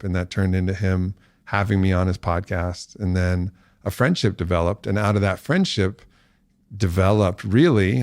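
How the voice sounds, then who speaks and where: A man's voice: sits low, darkish tone, no room sound, studio quality. A man as a podcast guest, telling a long story and acting out the voices of people he quotes.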